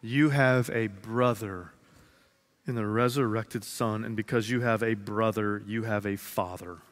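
A man in his thirties preaching a sermon to his congregation, earnest, repeating phrases slowly for emphasis and dropping from loud to hushed. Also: lowish voice, steady tone. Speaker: pastor. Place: large church sanctuary. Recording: long reverb of a large hall.

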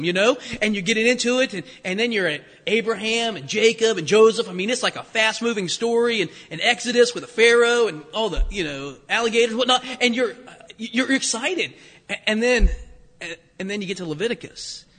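A man's voice: sits high, moderate pace, fairly bright tone, in a large hall. A man preaching a conversational sermon, full of rhetorical questions and acted-out quotes. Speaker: pastor.

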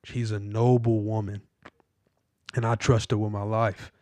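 A man's voice: lowish voice, little pitch movement, a little slow, warm tone, no room sound. Emphatic man preaching advice on a podcast. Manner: emphatic, repetitive, addresses listeners directly. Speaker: podcast host.

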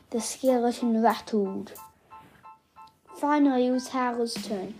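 A woman reading a children's story aloud in an expressive, playful way. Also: sits high. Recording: faint background music.

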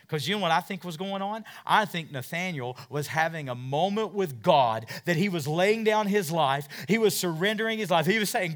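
A man's voice: fairly high pitch, animated, moderate pace, few pauses. Dramatic preacher man, voice leaping up and down. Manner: dramatic, swings from loud to hushed; asks the listeners many questions. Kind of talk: sermon.

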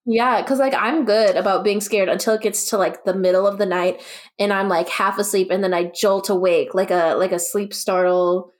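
A woman's voice: medium pitch, fairly even intonation, normal speed. Chatty young woman telling stories. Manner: storytelling, sarcastic, says "like" a lot. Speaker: podcast co-host. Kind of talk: casual chat.

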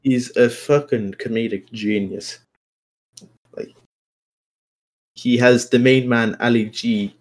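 A man's voice: mid-range voice, steady tone, slow, pauses often, darkish tone. A young man chatting casually, enthusiastic and swearing freely. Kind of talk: casual chat.

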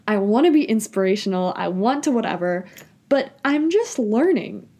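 A woman's voice: medium pitch, animated, moderate pace, mellow. A young woman in her twenties chatting casually to viewers, gushing and emotional, full of filler likes, reading bits from her journal. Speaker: vlogger. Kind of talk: casual chat.

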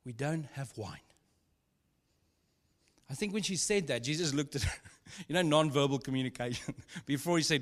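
Here a pastor preaches in a voice on the high side, moderately paced and lively in intonation. His sermon is a chatty, comic story peppered with asides and laughter, captured with a long reverb typical of a hall.

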